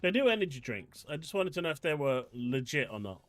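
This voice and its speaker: A man's voice: a little high, big pitch swings, brisk, a bit bright, dry recording, soft background music. A man casually commenting on a live stream, sarcastic as he reads hostile comments aloud.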